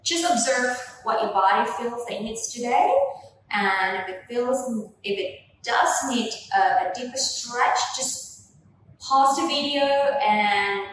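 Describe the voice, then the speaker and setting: A young woman leading a gentle Pilates workout with slow, soothing cues, filmed on a camera from across the room. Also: medium pitch, a little hiss or hum. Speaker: Pilates instructor. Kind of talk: guided workout instruction. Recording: echoey room, voice from a distance.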